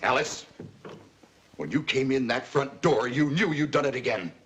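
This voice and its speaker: A man's voice: medium pitch, animated, moderate pace, a bit bright, a little hiss or hum, lightly acted. An actor playing a stern, fed-up middle-aged widowed father who scolds his daughter in a 1950s TV drama. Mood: angry.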